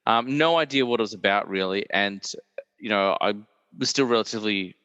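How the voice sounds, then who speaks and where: A man hosts a relaxed podcast chat in a mid-range voice, close and dry on the mic. He rambles, restarts his sentences and laughs his way through. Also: fairly low pitch, brisk, clear, resonant tone, no echo, lo-fi sound. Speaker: podcast host. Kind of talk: casual chat.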